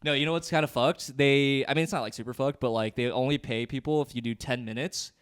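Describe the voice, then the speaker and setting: A man's voice: medium pitch, steady tone, quick pace, smooth, dry recording. A laid-back man chatting on a podcast, his voice sitting in the middle range. The sound is dry and close to the mic, with no room around it. He rambles through stories with a lot of "like" and laughs as he goes. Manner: laid-back, laughs often, many "like" fillers. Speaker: podcast co-host, stand-up comic. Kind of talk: casual chat. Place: New York City.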